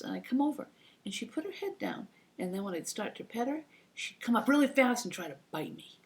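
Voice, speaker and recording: A woman in her fifties chats into her computer mic at a middle pitch, telling personal stories in a rambling, casual way. She keeps breaking into the voices of the people in her stories. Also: expressive, fairly quick. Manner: rambling, acts out quoted voices. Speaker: vlogger. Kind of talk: casual anecdotal storytelling.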